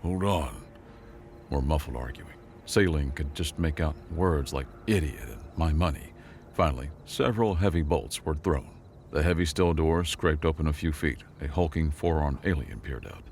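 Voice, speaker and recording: Male narrator for a sci-fi audio story, very deep gravelly voice, measured reading, faint noise underneath. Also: a little mellow.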